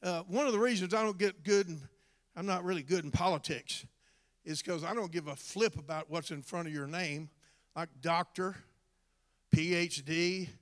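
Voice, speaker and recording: A man preaching a sermon, moving from folksy storytelling to shouted, drawn-out exhortation. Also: sits high. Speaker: former drug addict giving testimony.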